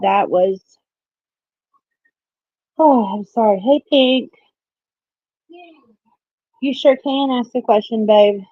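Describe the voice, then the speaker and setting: Woman tarot reader on a live stream, mid-pitched and chatty, affectionate with viewers, dry and slightly muffled home audio. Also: takes it slowly, pauses often, dry recording. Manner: chatty, apologetic, calls viewers babe and love. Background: children heard in the background.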